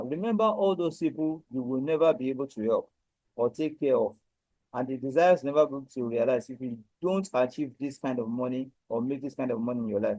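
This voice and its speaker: A man from Nigeria presenting a webinar sales pitch, pressing listeners again and again to buy a training course. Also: dark tone, no room sound, low-quality recording. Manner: persuasive, repetitive sales push. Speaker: online course seller.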